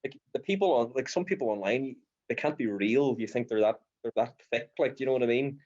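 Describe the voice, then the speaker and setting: A man's voice: mid-range voice, a little fast, a little mellow, lo-fi sound. A man hosting a podcast, chatting casually and acting out quotes while he tells stories. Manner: storytelling with mimicked quotes, chatty. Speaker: podcast host. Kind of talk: casual chat.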